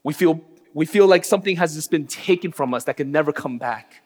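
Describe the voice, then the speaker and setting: Earnest preaching man in a reverberant hall. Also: brisk. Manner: earnest, drops to a hushed low voice on grief and rises sharply on emphasis. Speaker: pastor. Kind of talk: sermon.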